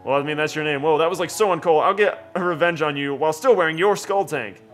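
A man's voice: on the high side, quick pace, soft background music, close to an everyday voice. A man voicing sassy young female street-gang grunts while reading game dialogue aloud, with a snippy, mocking teen attitude. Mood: taunting.

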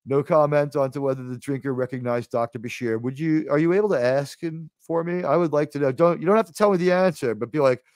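A man with a New York accent hosting a casual live stream, rambling and restarting his sentences, with sudden animated bursts. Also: on the high side, quick pace, hardly any pauses, no echo, clean studio sound. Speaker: livestream host.

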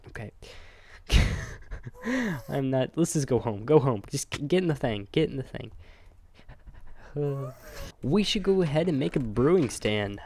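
A young man giving chatty, excitable let's-play commentary, joking and talking to his viewers as he plays. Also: medium pitch, normal speed. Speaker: gamer.

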